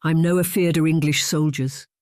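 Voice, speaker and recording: A narrator voicing a proud, tender Highland man with a Scottish accent and old burred dialect. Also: steady tone, moderate pace, a little mellow, dry recording, studio quality, close to an everyday voice.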